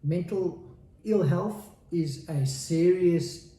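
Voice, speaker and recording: This South African man in his forties speaks slowly in a high, warm voice, with an echoey room around him. As a podcast guest in a candid interview, he talks earnestly and repeats phrases for emphasis.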